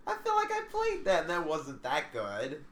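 Young male co-host, crude and animated, lively pitch, echoey room. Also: normal speed. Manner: animated, profane and joking. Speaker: podcast co-host. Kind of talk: casual crude banter. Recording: roomy echo.

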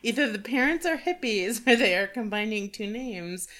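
A woman's voice: a little high, expressive, moderate pace, a bit bright. A woman co-hosting a podcast, chatting in a teasing, giggly way. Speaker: podcast co-host. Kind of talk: casual podcast chat.

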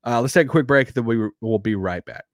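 A man with a Southern accent hosting a sports podcast, rambling and animated, laughing now and then. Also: mid-range voice, a little fast, no room sound, clean studio sound. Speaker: podcast host. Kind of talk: casual sports talk.

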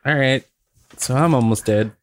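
A man's voice: mid-range voice, moderate pace. A man playing a tabletop game, chatting casually in a playful way. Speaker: player.

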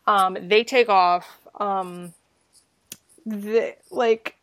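A woman's voice: mid-range voice, steady tone, very slow, a bit bright, no echo. Woman, casual podcast chat, rambling, lots of fillers, dry close sound. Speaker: podcast co-host. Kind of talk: casual film discussion.

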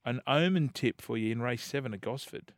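A man's voice: mid-range voice, brisk, no echo, studio quality. An Australian man co-hosting a sports radio show, telling stories and joking in casual banter. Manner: jokey, storytelling banter.

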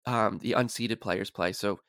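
A man's voice: lowish voice, measured pace, fairly bright tone, dry recording, studio quality. A man chatting as a guest on a casual sports podcast, rambling and stumbling over repeated words.

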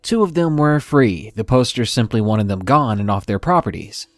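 A man narrates scripted horror stories in a measured, deliberate way, at a middling pitch. The sound is dry and close, with no room around it. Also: animated, no echo. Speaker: podcast host and narrator.

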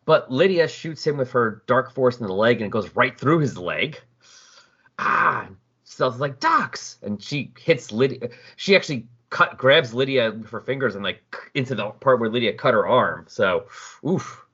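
A man recapping a comic story in a casual chat, acting out the characters with a lively, swinging pitch. His voice is a little husky, and the sound is slightly dull and lo-fi. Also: normal speed. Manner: animated, acts out the characters.

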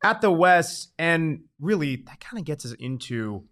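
A man's voice: a little high, big pitch swings, a little slow, fairly bright tone. Easygoing male soccer podcast co-host. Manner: conversational, with frequent fillers and agreement. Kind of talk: casual soccer preview chat.

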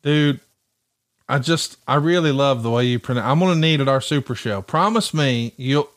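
A man's voice: medium pitch, fairly quick. A middle-aged man from Alabama with a Southern accent, co-hosting a casual wrestling podcast, enthusiastic and teasing, with some swearing. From Alabama, USA. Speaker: podcast co-host.

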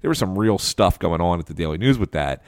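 A man with a lowish voice settles into a casual podcast story, restarting sentences and spinning the anecdote with energy. The sound is close and dry, with no room around it. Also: fast talker, no echo. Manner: animated anecdotal storyteller, frequent restarts and laughs. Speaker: podcast co-host.

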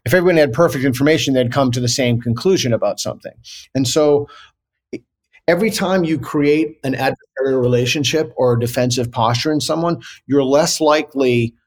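A man's voice: mid-range voice, normal speed. A man answering as a guest in a video interview, earnest and argumentative, often restarting his sentences.

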